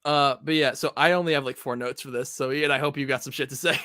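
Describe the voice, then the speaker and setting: Bright-voiced man hosting a casual chat. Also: medium pitch, quick pace, no echo, studio quality. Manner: relaxed, rambling, with many fillers. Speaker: podcast host.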